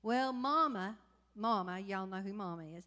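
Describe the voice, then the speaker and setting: A woman's voice: mid-range voice, moderate pace. Rambling woman in a reverberant sanctuary. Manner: rambling, animated storytelling with restarts. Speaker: mission trip member giving report. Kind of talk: casual testimony to congregation. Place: church sanctuary. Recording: long church hall reverb.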